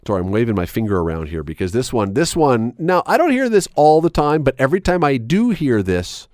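A man's voice: sing-song, fairly quick, darkish tone, dry recording, studio quality. A man hosting a radio show, ranting sarcastically about phrases he can't stand. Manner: emphatic, sarcastic, wide swings in pitch. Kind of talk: opinionated talk radio rant.

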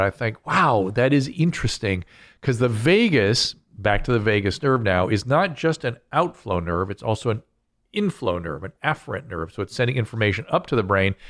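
A man's voice: medium pitch, no room sound, studio quality. A man hosting a casual podcast chat as a physician, explaining things in a lecturing way. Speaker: host and physician.

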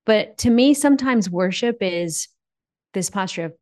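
A woman's voice: medium pitch, lively intonation, unhurried, a little mellow. Emphatic preacherly woman co-host. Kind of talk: faith-based podcast conversation.

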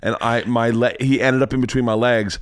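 A man hosting a podcast, telling a story in casual chat, profane and animated, acting out the people in it. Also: mid-range voice, a little fast, smooth, dry recording, clean studio sound. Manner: profane, animated storyteller who acts out voices. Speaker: podcast host.

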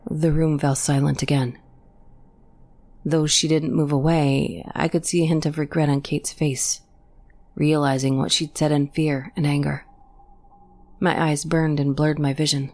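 Low-voiced woman narrating horror. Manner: measured, steady first-person storytelling.

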